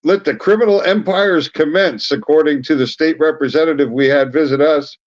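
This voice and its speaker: Brief: male radio co-host, a bit high-pitched, relaxed joker who cheers on listeners. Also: normal speed, muffled recording. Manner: easygoing, joking, cheering on listeners. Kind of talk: casual radio banter. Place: radio studio.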